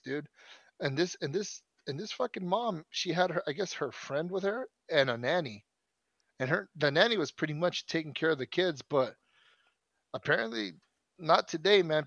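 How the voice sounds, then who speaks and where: A man's voice: on the high side, a bit bright, dry recording, highs cut off. A man in his thirties telling a long story in casual chat, swearing often and restarting his sentences. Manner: profane, rambling storyteller with many restarts.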